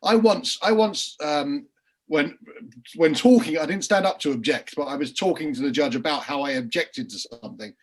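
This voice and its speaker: A man on a panel telling lively courtroom anecdotes over a video call, with frequent restarts and laughing mid-story. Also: on the high side, normal speed, breathy edge. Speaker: crime writer and former barrister on a panel. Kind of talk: casual panel chat, anecdotes.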